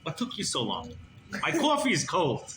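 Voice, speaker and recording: A man doing a calm, reassuring old rabbi. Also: a little high, normal speed, noisy background. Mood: playful.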